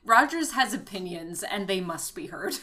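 A woman co-hosting a casual film chat, relaxed and chatty. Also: mid-range voice, moderate pace. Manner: relaxed, chatty, lots of fillers. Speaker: podcast co-host.

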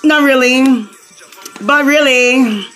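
A woman's voice: high-pitched, slow, fairly bright tone, soft background music. A woman hosting a podcast, running a comic call-in bit in a playful way and laughing often. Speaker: podcast host.

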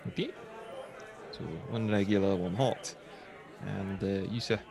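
A man acting as game master for a tabletop role-playing game, quick with rulings and laughing often. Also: lowish voice, fairly even intonation, creaky, warm tone, a faint crowd.

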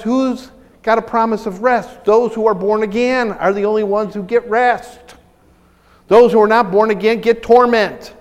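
High-voiced, animated preacher in a reverberant hall. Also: male voice, measured pace. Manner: animated, excitable preaching with many restarts. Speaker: pastor. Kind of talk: sermon. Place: church sanctuary.

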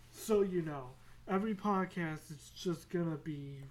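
A woman's voice: sits low, moderate pace, hardly any pauses, darkish tone, a little hiss or hum. A woman hosting her own podcast, talking in a casual, rambling way, going off on tangents, swearing freely and joking about herself. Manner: casual swearing, self-mocking. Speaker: podcast host. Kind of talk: casual solo chat.

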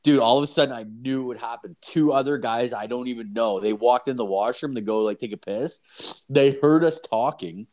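A man's voice: mid-range voice, fairly quick. Profane, rambling young man telling stories. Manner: profane, rambling, animated storyteller. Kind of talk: casual storytelling chat.

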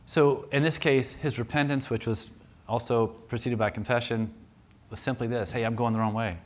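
A man's voice: mid-range voice, fairly even intonation, moderate pace. A man preaching a sermon in a conversational, storytelling way, often restarting his sentences.

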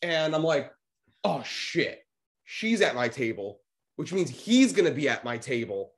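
A young man co-hosting a podcast, telling a story in a casual, animated way, swearing freely and acting out the voices of the people he quotes. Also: a little high, normal speed. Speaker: podcast co-host.

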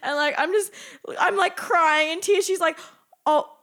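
A woman's voice: very high voice, normal speed, fairly bright tone. A young woman co-hosting a casual podcast, telling stories and often breaking into laughter. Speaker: podcast co-host. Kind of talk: casual chat, storytelling.

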